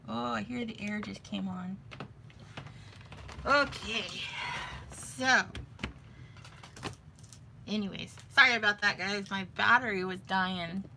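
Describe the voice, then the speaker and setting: Woman vlogger, slow and gravelly, rambling chat, faint noise behind. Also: medium pitch. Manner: rambling, chatty, thinks aloud. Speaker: vlogger showing beading crafts. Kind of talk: casual chat.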